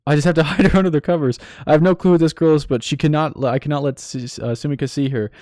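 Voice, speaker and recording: A man's voice: fairly high pitch, steady tone, fast, dark tone, no echo. A man streaming a game live, reading the dialogue aloud and ranting about the story with exasperated laughter. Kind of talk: live game playthrough reaction.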